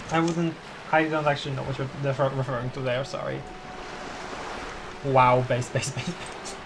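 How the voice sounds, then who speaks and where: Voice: medium pitch, little pitch movement, unhurried, pauses often, background noise. A streamer in casual commentary over a story game, thinking aloud, reading text and stumbling over words. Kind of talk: casual let's-play commentary.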